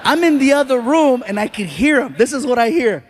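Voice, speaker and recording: A man in his forties performing a stand-up comedy routine on stage, telling animated stories and shouting out voice impressions. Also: very high-pitched, fairly quick, some chatter behind, slight background noise. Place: stage before a live audience.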